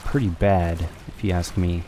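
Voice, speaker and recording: A man's voice: low-pitched, steady tone, normal speed, dark tone, a little hiss or hum. A young man casually commenting on a horror game as he plays, swearing and talking to himself. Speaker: let's play gamer.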